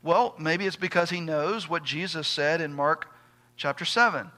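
A man's voice: fairly high pitch, moderate pace, pushed and bright. A male pastor preaching a sermon, emphatic, putting rhetorical questions to his congregation.

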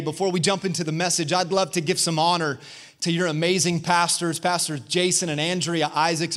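A man's voice: sits high, fairly bright tone. A man preaching a fervent online sermon as a guest pastor, calling out to his congregation.

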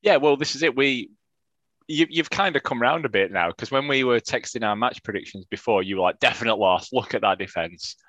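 A man's voice: mid-range voice, brisk, fairly bright tone, no echo, lo-fi sound. A man co-hosting a casual football podcast, chatty and self-mocking. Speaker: podcast co-host.

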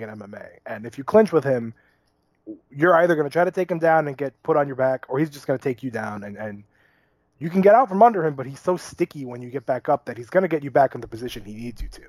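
A man's voice: mid-range voice, darkish tone, dry recording. Dry-sounding man giving opinionated analysis. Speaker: podcast co-host. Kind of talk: casual sports chat.

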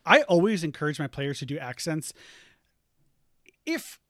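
A man's voice: a little high, very animated, a little slow, a bit bright, dry recording. Chatty man with a dry close sound. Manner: rambling, many fillers and restarts. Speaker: podcast host, game master. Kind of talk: casual chat.

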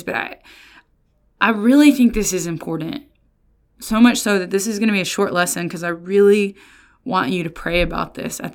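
A woman pastor giving a casual Bible lesson, lively and often slipping into sarcastic quoted voices. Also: fairly low pitch. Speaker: pastor and resident theologian.

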